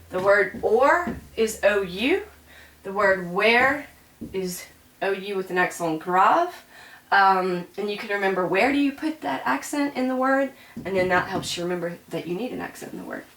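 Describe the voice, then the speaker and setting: A woman explains grammar in a relaxed classroom manner, saying y'all and pausing often on fillers. She is heard from some distance in an echoey room. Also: medium pitch. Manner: casual and chatty, says y'all, many ums and self-corrections. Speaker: French teacher. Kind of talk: classroom grammar lesson at a board.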